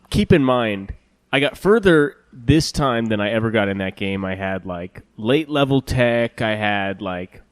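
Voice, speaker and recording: A man's voice: mid-range voice, no room sound. Joking young man on a podcast. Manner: jokey, laughs through stories. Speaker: podcast co-host. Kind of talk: casual chat.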